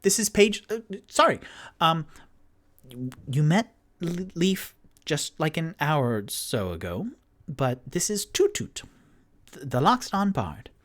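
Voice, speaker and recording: A man's voice: on the high side, very animated, takes it slowly, pauses often, fairly bright tone, voice pushed up, full character voice. A man doing a flustered, bashful bookshop clerk. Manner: hesitant, stumbling over words.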